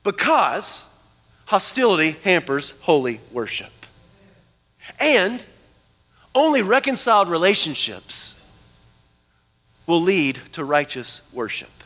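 A man preaching a sermon as pastor, animated, dropping to hushed tones for emphasis. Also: sits high, takes it slowly, pauses often. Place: church sanctuary. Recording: long church hall reverb.

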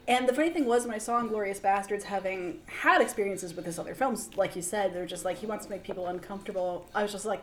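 A woman co-hosting a podcast, animated in casual chat, often bursting into laughter. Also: mid-range voice, fast, hardly any pauses, slight background noise. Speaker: podcast co-host.

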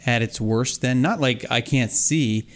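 A man in casual conversation, wandering through a long anecdote with many restarts. He acts out little quoted exchanges along the way, at a middling pitch. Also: a little slow. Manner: rambling storyteller, many restarts and acted-out quotes. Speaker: podcast co-host. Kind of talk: casual chat.

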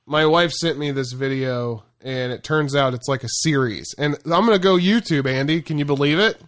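Guy co-hosting a podcast, bit high voice, rambles and chuckles, lots of uh and like. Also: normal speed. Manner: rambling, chuckling, many fillers and restarts. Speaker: podcast co-host. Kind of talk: casual chat.

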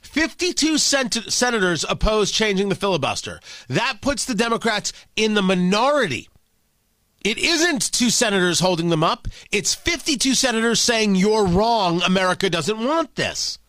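A man's voice: high voice, sing-song, normal speed, pushed and bright, no room sound. A man hosting a political talk show, delivering combative, sarcastic commentary.

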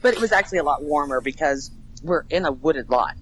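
A chatty woman talks in an easygoing, animated way, often breaking into laughter. She trails off and restarts her thoughts as she goes, speaking like an actor trainer telling stories from work. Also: sits low, fast talker, slight background noise, low-quality recording. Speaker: haunted attraction actor trainer. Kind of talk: casual interview chat.

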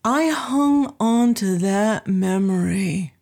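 A woman's voice: mid-range voice, expressive, slow, vocal fry, darkish tone. Woman in her sixties telling a vivid story. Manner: vivid storyteller who acts out quoted voices. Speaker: guest, music producer and professor. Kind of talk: storytelling in an interview.

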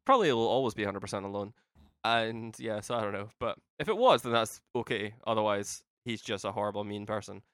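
A man's voice: on the low side, quick pace, a bit bright, no echo. A young man co-hosting a podcast in casual chat, teasing his co-host with dry sarcasm.

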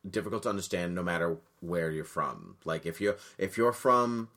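A man co-hosting a casual podcast, chatty and wry, quick to correct with a fun fact. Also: low voice, pushed and bright. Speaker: podcast co-host.

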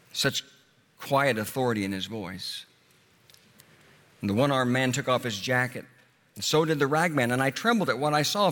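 Man telling a story in a reverberant hall. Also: medium pitch. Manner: expressive, swinging from hushed to urgent. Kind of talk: dramatic spoken storytelling.

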